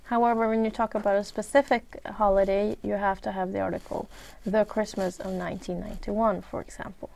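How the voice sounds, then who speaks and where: A woman with a Swedish accent, a native Swedish speaker, giving a recorded English grammar lesson. She talks in a measured way, lists examples one by one, and often pauses with "uh". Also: medium pitch, little pitch movement, gravelly, dark tone. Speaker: English teacher.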